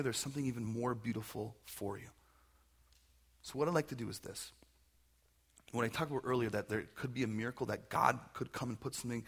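A man preaching as a pastor at a church service, telling stories with energy and moving into quiet prayer. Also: medium pitch, creaky, husky. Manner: storytelling preacher, animated, ends in soft prayer. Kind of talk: sermon.

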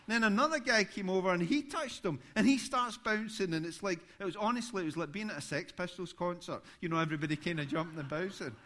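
A man's voice: high-pitched, fast talker, few pauses, slight background noise. A man, a pastor preaching a sermon, telling stories with rising animation. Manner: storytelling, animated when recounting events.

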